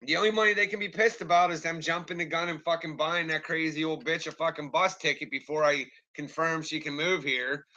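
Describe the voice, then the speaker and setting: A man's voice: on the high side, fairly even intonation, fairly quick, hardly any pauses, bright, forceful tone, muffled recording. A man ranting on a live stream and answering his chat, angry, rambling and swearing constantly. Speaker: livestreamer talking to chat.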